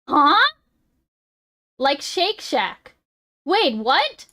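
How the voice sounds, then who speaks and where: A woman's voice: fairly high pitch, moderate pace, a bit bright, no room sound, studio quality. A woman streamer chatting casually, swearing and laughing as she fumbles over a word. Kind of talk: casual live-stream chat.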